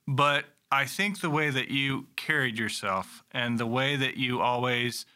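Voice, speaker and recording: Man, co-host, sincere, halting with fillers, very bright tense tone. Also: mid-range voice, clear, resonant tone. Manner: warm, hesitant with fillers. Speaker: podcast co-host. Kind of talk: conversational interview.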